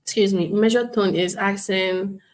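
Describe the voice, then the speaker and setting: A woman instructor teaching an online class, speaking calmly and professionally, acting out customer calls as examples. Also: mid-range voice, measured pace. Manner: calm, explains with role-played customer examples. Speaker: bootcamp instructor.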